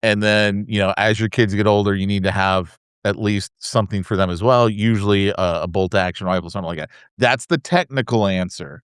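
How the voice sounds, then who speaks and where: A man's voice: lowish voice, steady tone, brisk, few pauses, clean tone, no room sound, clean studio sound. A man co-hosting a podcast, telling casual anecdotes full of fillers and asides. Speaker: podcast co-host. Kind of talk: casual chat.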